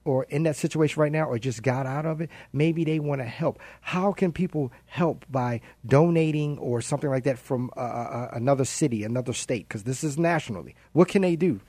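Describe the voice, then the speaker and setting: A man's voice: mid-range voice, a little fast, few pauses, mellow, no echo. A man hosting a radio interview, enthusiastic and chatty, asking long run-on questions. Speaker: radio show host.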